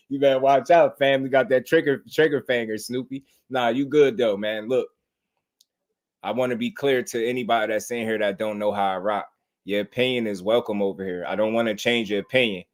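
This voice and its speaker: A man's voice: mid-range voice, fairly quick, a little mellow. A man hosting a casual boxing livestream, talking in a laid-back, slangy way and greeting viewers in the chat by name.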